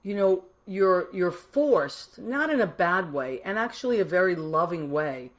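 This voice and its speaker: A woman's voice: lowish voice, animated, measured pace, lo-fi sound. Effusive, affectionate woman hosting a show. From Massachusetts. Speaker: host. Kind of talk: live-streamed call-in show.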